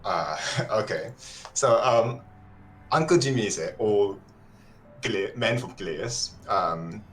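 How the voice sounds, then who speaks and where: A man introducing his tabletop character casually, hesitant, with frequent pauses and ums. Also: on the low side, lively intonation. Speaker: player.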